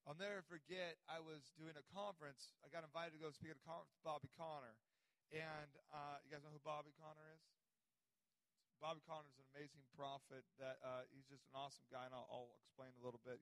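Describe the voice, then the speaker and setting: Animated man preaching, dry close sound. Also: on the high side, no echo, low-quality recording. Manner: animated storyteller, acts out voices in quotes. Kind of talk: sermon with personal storytelling.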